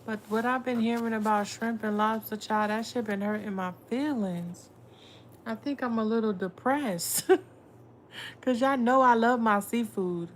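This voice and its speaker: A woman's voice: on the high side, a little slow, a little hiss or hum. A woman tarot reader chatting casually with viewers on a livestream, blunt and swearing freely. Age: adult with a son.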